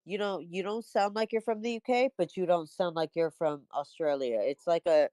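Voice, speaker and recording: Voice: medium pitch, normal speed, warm tone, no room sound. Person from the US, casual chat, talks in long runs, call audio. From United States. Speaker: guest on a call.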